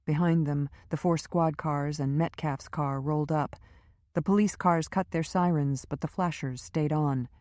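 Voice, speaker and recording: A woman reading a crime thriller audiobook in an even, measured narration. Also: sits low, dry recording, studio quality. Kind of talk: scripted narration.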